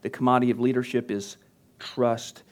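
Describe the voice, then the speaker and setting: A pastor teaching church leaders at a conference workshop, talking conversationally and getting animated when he acts out his coaching. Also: medium pitch, moderate pace. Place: conference session room.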